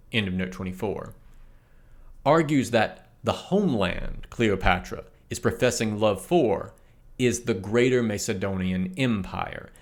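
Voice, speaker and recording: A man reading a history blog post aloud in a measured way, reading out its notes and image descriptions too. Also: on the low side. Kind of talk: read-aloud narration of an essay with notes.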